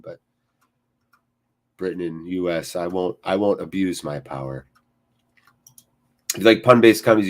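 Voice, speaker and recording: Man hosting a jokey live football stream. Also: deep voice. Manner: jokey and off-the-cuff, swears freely; reacts to the match between chat replies. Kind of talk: casual live-stream chat, reading viewer comments.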